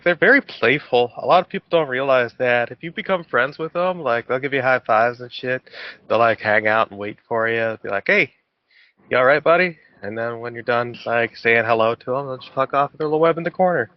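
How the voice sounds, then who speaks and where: A man in a casual voice chat, telling animated stories, swearing casually and acting out quotes. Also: mid-range voice, a little fast, no room sound. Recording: dull lo-fi online audio.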